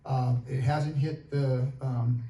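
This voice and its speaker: A man telling a personal story to a church group in a relaxed, plain-spoken way. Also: medium pitch, slow. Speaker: guest sharing a testimony. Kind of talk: casual storytelling testimony. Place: church hall. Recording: roomy hall, mic far off, faint noise.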